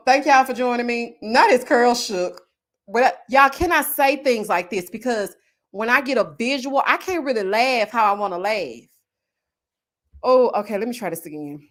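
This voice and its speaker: Sassy woman host for a reality recap live stream, higher voice with a swooping pitch, laughs a lot. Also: expressive. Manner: sassy, laughs a lot, drawn-out "oh, honey" asides; southern US slang such as finna, y'all, child. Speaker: livestream host reading viewer comments. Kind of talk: casual reality-TV recap chat.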